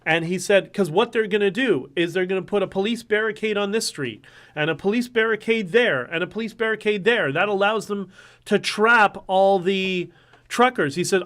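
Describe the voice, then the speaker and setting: A man hosting a casual livestream, talking in an animated, ranting way and swearing now and then. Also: high-pitched, normal speed. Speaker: livestream host.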